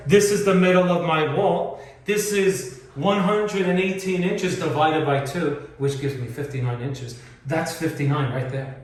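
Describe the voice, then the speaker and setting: A man's voice: fairly high pitch, a little slow. A man teaching beginners how to hang wallpaper, patiently explaining each step and repeating key points as he demonstrates on a wall. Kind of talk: hands-on instructional demonstration. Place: indoor room being wallpapered. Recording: very echoey room, voice from far off, faint ambience.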